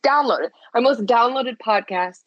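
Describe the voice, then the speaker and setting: A woman's voice: fairly low pitch, normal speed, no room sound, dull audio. A woman from Chicago in her thirties, co-hosting a podcast in a playful, teasing casual chat. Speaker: podcast co-host.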